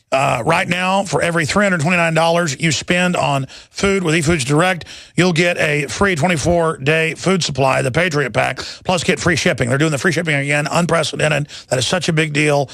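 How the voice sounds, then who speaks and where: A man's voice: a little high, moderate pace, gravelly, a bit bright, no room sound. A man hosting a talk radio show, ranting and sarcastic as he reads headlines, plugs sponsors and takes calls on a studio mic.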